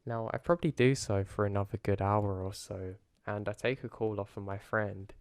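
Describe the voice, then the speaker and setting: A man calmly narrating a first-person horror story in a low-key way. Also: moderate pace, smooth, no echo, clean studio sound. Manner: calm, low-key retelling.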